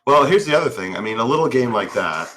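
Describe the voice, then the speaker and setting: Talking fast at medium pitch, this man co-hosts a laid-back online talk show with soft background music. He rambles loosely and uses lots of filler words.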